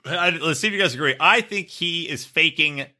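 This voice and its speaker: A man's voice: fairly high pitch, normal speed. A man co-hosting a podcast, talking bluntly and swearing a lot in casual chat. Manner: blunt, foul-mouthed, animated. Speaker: podcast co-host.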